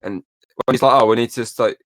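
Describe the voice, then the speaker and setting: A man's voice: medium pitch, fast, fairly bright tone, dry recording. A young man hosting a podcast, casually recapping a film scene by scene and acting out the quoted lines between laughs. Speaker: podcast host. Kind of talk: casual film breakdown chat.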